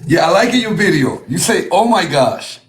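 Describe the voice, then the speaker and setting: A man's voice: sits high, sing-song, normal speed, a little hiss or hum. A man hosting a livestream battle, gushing with compliments in broken English and slipping into Spanish phrases. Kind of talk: casual livestream chat.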